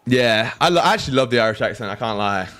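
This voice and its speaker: A young British man chats casually with his livestream audience while trading, cracking jokes and swearing freely. His voice sits at an ordinary pitch for a man. Faint music plays underneath. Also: lively intonation, fast talker, a bit bright. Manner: banters with chat, swears freely, laughs often. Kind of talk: casual livestream chat with viewers.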